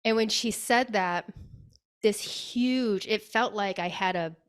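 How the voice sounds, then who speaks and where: A woman's voice: mid-range voice, slow. Chatty woman telling a personal story. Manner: chatty, leans on "like", acts out her own past words. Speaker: podcast guest, spirit medium. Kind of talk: personal storytelling in a casual interview.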